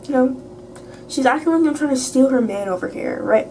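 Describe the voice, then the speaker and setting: Teen girl vlogger, chatty filler-heavy rant, higher mellow voice, off-mic sound. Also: lively intonation, fairly quick. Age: teens. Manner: rambling, filler-heavy, swears freely. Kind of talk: casual late-night storytime rant. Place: at home. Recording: distant mic, faint background hiss.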